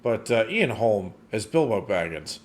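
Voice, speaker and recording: A man co-hosting a casual movie review chat, blunt and swearing, his sentences trailing off quietly. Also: lowish voice, sing-song, unhurried. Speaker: podcast co-host.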